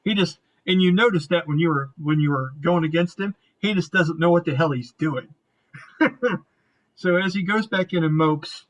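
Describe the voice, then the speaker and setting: A man's voice: fairly high pitch, rough recording. A man acting as game master, narrating a tabletop game in a casual, rambling way and swearing now and then.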